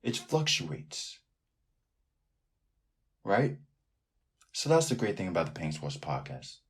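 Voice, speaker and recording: A man hosting a sports podcast alone, talking in a loose, animated way that keeps drifting off into tangents. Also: low voice, slow pace. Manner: rambling, animated, riffs off on tangents. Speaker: podcast host. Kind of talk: casual sports podcast monologue.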